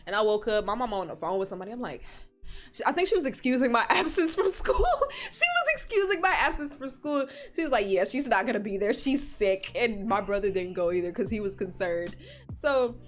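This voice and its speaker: A young adult woman vlogger telling a storytime, animated and casual, swearing and jumping into high squeals as she retells scenes. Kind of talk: storytime vlog.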